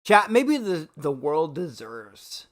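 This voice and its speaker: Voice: mid-range voice, big pitch swings, slow. A drunken livestream rant from a streamer a few shots in. The voice swings widely up and down, loaded with curses and exasperation, and broken by hiccuping gasps between words. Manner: swearing, exasperated ranting. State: tipsy from shots.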